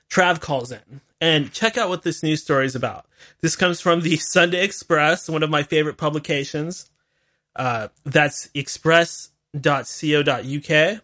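A man's voice: a little high, pushed and bright. A man hosting a call-in talk radio show, rambling and chatty with laughing asides.

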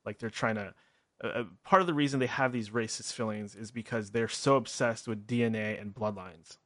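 A man's voice: lowish voice, fairly quick, a bit bright, no room sound. A man hosting a conversation, speaking hesitantly with frequent fillers and restarts. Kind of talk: casual conversation.

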